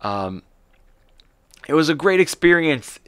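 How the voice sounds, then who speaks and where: An American man, a stand-up comic hosting his own podcast, talks slowly in a voice on the high side. His casual solo monologue is loose, swearing, rambling, and animated, with many restarts, recorded in studio quality without room sound.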